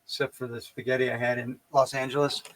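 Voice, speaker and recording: A man's voice: medium pitch, level tone, quick pace, a bit bright, no room sound. A middle-aged man co-hosting a casual comedy chat, joking and swearing freely on a video call. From Cleveland area. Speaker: comedian co-host. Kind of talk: casual banter.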